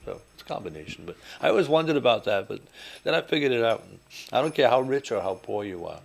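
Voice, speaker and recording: A man's voice: mid-range voice, lively intonation, fast, vocal fry. A middle-aged man hosting a radio talk show, chatting and telling stories with emphatic, rising disbelief. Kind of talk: casual on-air chat.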